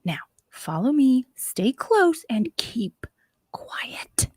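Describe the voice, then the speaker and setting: A woman's voice: high voice, big pitch swings, moderate pace, pushed and bright, full character voice. A woman voicing a sly, wordy female fox antihero in a stage play, with fussy, formal phrasing. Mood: hushed urgent.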